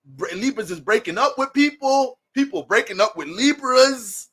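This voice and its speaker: A man's voice: very high voice, lively intonation, moderate pace, fairly bright tone. A man talking as an astrologer in a casual, profane and joking monologue.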